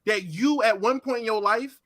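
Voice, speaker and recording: A man co-hosting a podcast, ranting loudly and profanely in casual chat. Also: high-pitched, normal speed. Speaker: podcast co-host.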